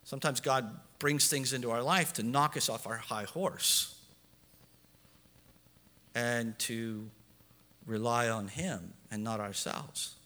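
A man's voice: medium pitch, slow, pauses often, bright, forceful tone. A man preaching a sermon as pastor, building emphasis and acting out quotes in his own voice. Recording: long echo of a large hall.

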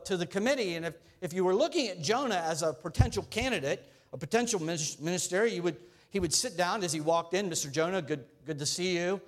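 A male pastor preaching a sermon in a conversational way, joking with the congregation. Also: sits high.

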